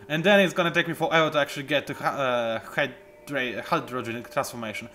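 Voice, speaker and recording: A man casually commentating a strategy game he is playing, animated and self-mocking, with bursts of excitement. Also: fairly high pitch, brisk. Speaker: let's play host.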